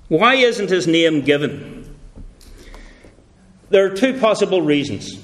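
A man preaching a sermon slowly and deliberately, repeating key phrases for emphasis and now and then slipping into playful character voices for illustrations. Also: high voice, animated, fairly bright tone.

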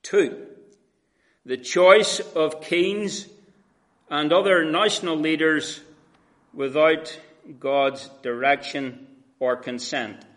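Slow, measured male preacher. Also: fairly high pitch, fairly even intonation, a bit bright. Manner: slow, measured, with frequent pauses and fillers; addresses the congregation as friends. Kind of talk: expository sermon.

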